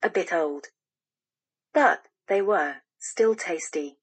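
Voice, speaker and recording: A woman voicing a big, hungry, polite female bear in a storybook reading, with an apologetic, chatty manner and a husky voice. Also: on the low side, takes it slowly.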